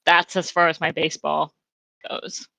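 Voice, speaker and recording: A woman's voice: low-pitched, little pitch movement, normal speed, creaky, bright, forceful tone, dry recording. A woman guest on a podcast in casual chat, hedging and thoughtful, with many fillers.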